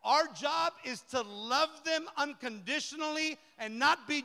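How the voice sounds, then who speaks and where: A middle-aged man, a pastor, delivering a lively, colloquial sermon that repeats key phrases. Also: very high voice, measured pace, creaky, hardly any pauses. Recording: long reverb of a large hall.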